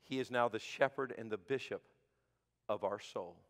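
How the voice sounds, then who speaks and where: A man preaching a sermon as pastor, swinging from shouted peaks to hushed low asides. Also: moderate pace. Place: church sanctuary. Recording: sanctuary with long reverb.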